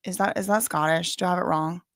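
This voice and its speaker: A woman's voice: fairly low pitch, fairly even intonation, fast, a bit bright, no room sound. Woman livestream host, Cajun accent, rambling casual chat, close dry mic. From Louisiana. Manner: chatty, rambling, with filler words and asides.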